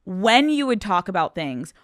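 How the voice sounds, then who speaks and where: A woman's voice: mid-range voice, sing-song, a little slow, no echo, studio quality. A woman hosting a podcast, asking interview questions in a blunt, casual way with some swearing. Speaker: podcast host.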